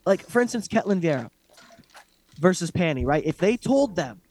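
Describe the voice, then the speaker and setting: A man's voice: high voice, moderate pace, breathy edge. A man co-hosting a casual fight recap chat, ranting bluntly and swearing a lot. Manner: blunt, profane, animated ranting. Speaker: podcast co-host.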